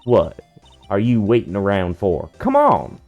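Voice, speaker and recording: A man's voice: on the low side, wildly swooping pitch, unhurried, narrow, tinny audio, soft background music, full character voice. A man voicing a brash, pushy woman photographer with a put-on Southern US drawl, boastful and folksy. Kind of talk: fan voicing of a game character.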